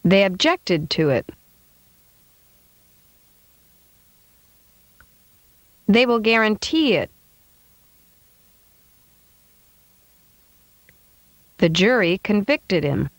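Woman enunciating drill sentences, lively pitch. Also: no room sound. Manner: slow, carefully enunciated, exaggerated intonation. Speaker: model speaker for drills. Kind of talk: reading example sentences. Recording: dry studio voice-over.

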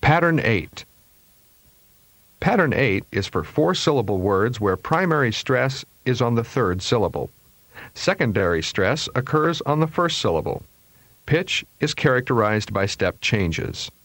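A man with a mid-pitched voice reads a scripted pronunciation lesson in a measured, evenly stressed way. The sound is close and dry, with no room sound around him. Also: big pitch swings, fairly bright tone, no echo. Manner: measured, clearly stressed word drills. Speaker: pronunciation instructor. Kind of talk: scripted language lesson recording.

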